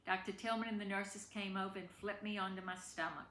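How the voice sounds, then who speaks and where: Reading a personal story aloud, a woman delivers her family memoir tenderly and with emotion, her medium-pitched voice steady in tone, brisk, pushed, and bright. She's recorded in an echoey room with faint noise behind her.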